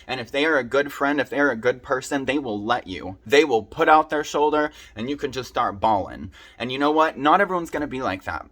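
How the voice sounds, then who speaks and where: A man's voice: mid-range voice, lively intonation, brisk, hardly any pauses, a bit bright. A young man speaking earnestly and from the heart to his viewers, sharing advice from his own experience in a personal video. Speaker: vlogger sharing his recovery story. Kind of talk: personal advice talk to camera.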